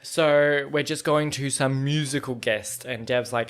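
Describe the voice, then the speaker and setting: A young man hosting a book club, chatting excitedly and rambling with lots of fillers and swearing, sometimes reading passages aloud. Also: medium pitch, unhurried, clean tone. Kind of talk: casual reading reaction and read-aloud.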